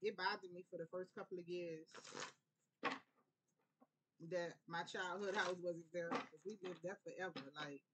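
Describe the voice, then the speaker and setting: Low-voiced New Orleans woman reading tarot. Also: heavy background noise. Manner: relaxed, prayerful, conversational. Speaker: tarot reader. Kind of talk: casual spiritual tarot reading.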